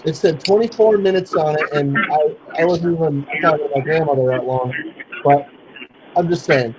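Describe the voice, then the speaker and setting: A man chatting in a slow, rambling way on a livestream, chuckling often. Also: fairly high pitch. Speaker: livestream guest. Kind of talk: casual livestream chat. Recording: noisy call audio.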